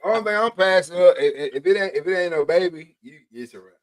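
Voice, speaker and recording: A man's voice: sits high, fast. A man, talking hunting in slangy, emphatic casual chat as a podcast co-host.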